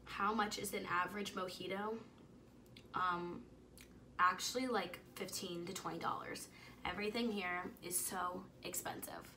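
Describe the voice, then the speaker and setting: A young woman vlogger telling a story in casual chat, excited and gushing, filling it with "like" and dropping into whispers. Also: fairly low pitch, a little slow, a little hiss or hum.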